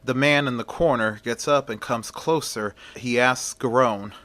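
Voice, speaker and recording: A man's voice: mid-range voice, measured pace, fairly bright tone. A man narrating a story in a plain, conversational way.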